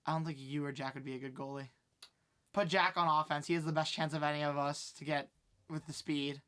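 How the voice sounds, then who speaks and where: Fast, bright-voiced man chatting wryly. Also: a little high, fairly even intonation, clean tone. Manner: quick, wry remarks, some stammered restarts. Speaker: podcast co-host. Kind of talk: casual chat. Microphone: headset.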